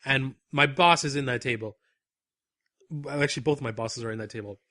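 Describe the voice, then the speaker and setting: A young man co-hosting a podcast, telling an animated anecdote and laughing often at his own story. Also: medium pitch, brisk, no room sound, studio quality. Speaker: podcast co-host.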